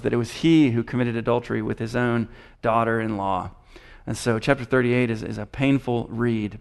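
Gravelly-voiced man teaching scripture. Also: medium pitch. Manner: reads scripture aloud and comments with repeated restarts. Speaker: preacher. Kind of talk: Bible teaching.

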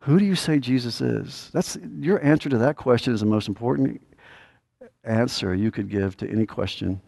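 A male pastor preaching a sermon, emphatic and repetitive, swinging from loud declarations to a hushed, earnest plea. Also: mid-range voice, normal speed, creaky.

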